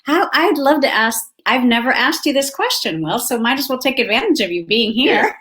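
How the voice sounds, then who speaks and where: A woman's voice: high voice, animated, normal speed, a bit bright. Woman host asking thoughtful questions. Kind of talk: interview host chat.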